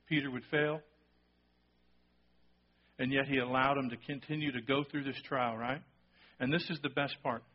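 A man preaching a sermon, telling a story with lively acted-out quotes and sudden drops to a hushed voice for emphasis. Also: mid-range voice, lo-fi sound. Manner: animated storytelling, acting out quotes, dropping to a hush for emphasis. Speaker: pastor.

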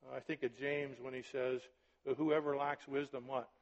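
A man's voice: medium pitch, little pitch movement, normal speed. A man preaching a sermon as pastor, talking conversationally and checking in with his listeners often. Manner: conversational preaching, frequent "right?" and "are you with me?". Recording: dull recording with long hall reverb.

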